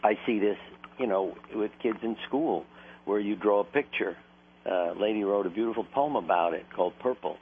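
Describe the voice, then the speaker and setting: A doctor appearing as an interview guest tells stories in an earnest, anecdotal, conversational way, laughing now and then. His voice is fairly low and brisk, heard over a tinny phone line with faint noise.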